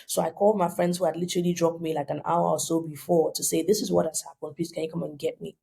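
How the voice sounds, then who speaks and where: A woman's voice: deep voice, little pitch movement, fast, creaky, warm tone, slightly rough. A woman in her thirties with a Nigerian accent, telling her story animatedly as a podcast guest and acting out the voices she quotes. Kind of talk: storytelling in an interview.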